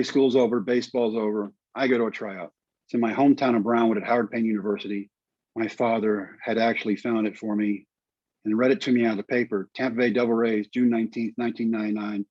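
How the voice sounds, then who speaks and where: A man's voice: medium pitch, dry recording. A middle-aged man from Texas telling a personal story in conversation, acting out the lines of the people in it. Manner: animated storyteller acting out dialogue. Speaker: guest storyteller. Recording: dull dry recording.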